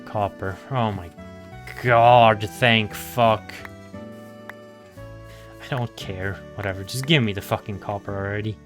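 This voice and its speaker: A man's voice: fairly low pitch, steady tone, takes it slowly, long pauses, fairly bright tone, faint music behind. A young man giving casual gameplay commentary, talking to himself, swearing and grumbling in exasperation. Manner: sing-song baby talk to animals. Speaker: gaming video creator.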